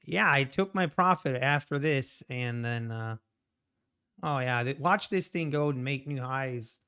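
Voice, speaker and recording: A man doing excitable, jokey live commentary as a day trader streaming his trades. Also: medium pitch, measured pace, clear, resonant tone. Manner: excitable, jokey, exclaims at the screen.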